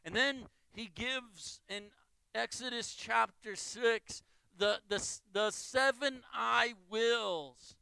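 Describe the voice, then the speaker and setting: A male pastor delivers a sermon in an unusually high, bright and forceful voice. His speech is slow and deliberate. He presses each point by repeating phrases in building lists, and the sound is dry and close. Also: gravelly, clear, resonant tone, no echo, low-quality recording.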